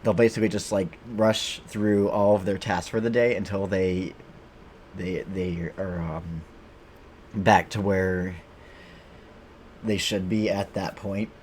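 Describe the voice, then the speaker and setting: Low-voiced man rambling over gameplay. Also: steady tone, slow, pauses often, darkish tone, slight background noise. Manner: rambling, many fillers and restarts. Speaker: game streamer. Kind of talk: casual gameplay commentary.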